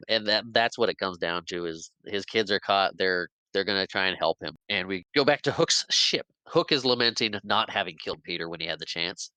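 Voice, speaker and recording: A man with a lowish, smooth and resonant voice is recapping a film for his podcast. He tells it casually and lively, slipping into the characters' lines and laughing along. The sound is dry and close, with no room around it. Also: a little fast, few pauses, no room sound, poor audio. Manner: animated retelling, acting out characters' lines with laughs. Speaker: podcast host. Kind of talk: casual movie recap chat.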